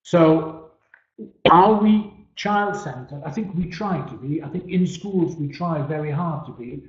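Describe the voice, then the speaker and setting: A man speaks at normal speed in a fairly high voice, delivering a webinar presentation captured in an echoey, dull-sounding room. He emphasizes key words, trails off at phrase ends, and repeats words as he restarts.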